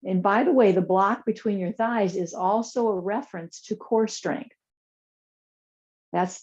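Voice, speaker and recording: A woman teaching a chair yoga class, giving calm, soothing spoken guidance through breath and poses. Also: medium pitch, muffled recording.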